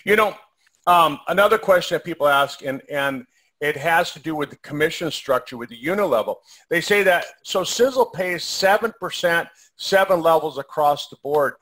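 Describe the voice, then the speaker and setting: A man co-hosting a casual question-and-answer chat, talking in a relaxed, rambling way with many fillers and restarts. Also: a little high, moderate pace. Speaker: co-host of a compensation plan Q&A. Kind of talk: casual conversational Q&A.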